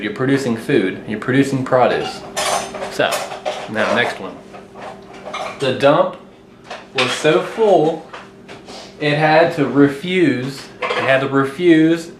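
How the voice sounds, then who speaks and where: A man giving a casual home-made English lesson, talking loosely with many fillers and restarts, and slowing down to read his example sentences aloud. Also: medium pitch. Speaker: English teacher. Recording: echoey room with clear kitchen noise.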